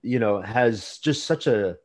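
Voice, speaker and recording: A man hosting a podcast, speaking in a reflective, measured way as he thinks aloud. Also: on the low side, expressive, darkish tone. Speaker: podcast host. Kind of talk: casual conversational interview.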